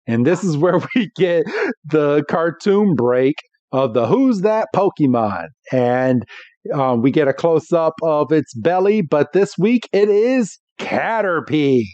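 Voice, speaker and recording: Animated guy recapping an episode, kinda high voice, dull dry audio. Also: slow pace, dry recording. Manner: animated, laughs while he talks. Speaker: podcast co-host.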